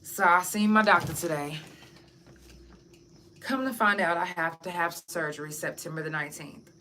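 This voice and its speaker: A woman's voice: fairly low pitch, normal speed, pushed and bright, slight background noise. A woman podcast host and singer, chatting frankly and casually with her audience, swearing freely. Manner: talks straight to her audience. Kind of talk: casual chat to camera.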